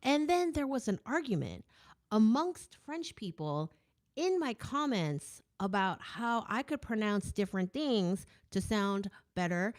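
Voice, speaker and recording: An American woman hosting her own show, reading viewer comments aloud and answering them in a casual, emphatic chat full of rhetorical asides. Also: mid-range voice. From United States.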